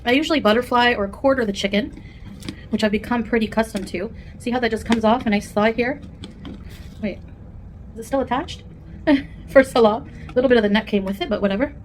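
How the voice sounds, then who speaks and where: A woman's voice: fairly high pitch, a little fast, long pauses, slight background noise. A woman vlogger chatting candidly at home while eating, rambling from one thought to the next in a casual mukbang. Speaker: food vlogger.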